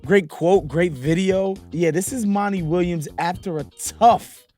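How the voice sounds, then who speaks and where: Animated male sports show host. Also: high-pitched, unhurried, faint music behind. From New York. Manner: animated, opinionated, laughs often. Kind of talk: casual basketball commentary show.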